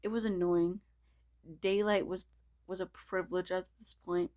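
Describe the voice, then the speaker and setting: A woman's voice: on the low side, little pitch movement, normal speed, darkish tone. A woman reading a fan story aloud, often stumbling and restarting her words. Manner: stumbling, restarting, laughing asides. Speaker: reader.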